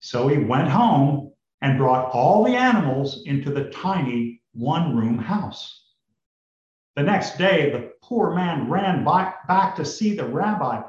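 Slow, animated male preacher. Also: on the high side. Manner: storytelling, addresses the congregation. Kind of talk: sermon with told fable. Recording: roomy, slightly dull recording.

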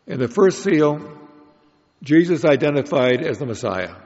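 A man giving a prepared Bible lecture in a measured, explanatory way, with occasional restarts. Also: a little high, big pitch swings, a little mellow. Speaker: Bible study speaker. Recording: dull lo-fi recording in a reverberant hall.

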